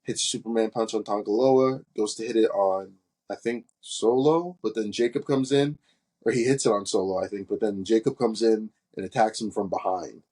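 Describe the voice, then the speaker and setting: A man's voice: on the low side, moderate pace, breathy edge. A man co-hosting a podcast, chatting casually and rambling as he picks apart wrestling matches. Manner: relaxed, rambling, nitpicky. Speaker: podcast co-host. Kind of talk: casual wrestling review chat.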